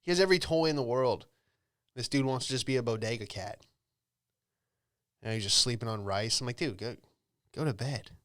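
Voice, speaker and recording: A man's voice: mid-range voice, fairly even intonation, brisk, long pauses, a bit bright, clean tone, no room sound, clean studio sound. A young man, a comedian, riffing casually through a solo comedy monologue in a rambling, offhand way, with lots of fillers. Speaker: comedian and podcast host.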